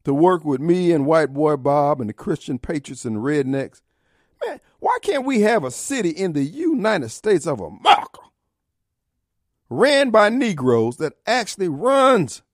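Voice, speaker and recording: Man, middle-aged radio host: high, lively pitch, combative mocking rants, dry studio sound. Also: unhurried, no room sound. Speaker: radio talk show host. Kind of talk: opinionated talk radio monologue.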